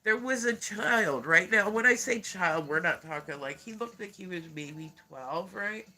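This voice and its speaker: A man's voice: high-pitched, lively intonation, a little slow, bright, forceful tone. A man casually chatting on a livestream, rambling and laughing often while congested with a stuffy nose. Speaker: livestream host.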